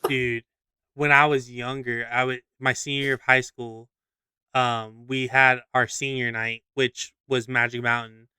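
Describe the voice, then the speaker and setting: A young man co-hosting a podcast, telling a story in a lively, casual way, swearing freely and acting out scenes. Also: medium pitch, measured pace, smooth, no echo. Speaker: podcast co-host.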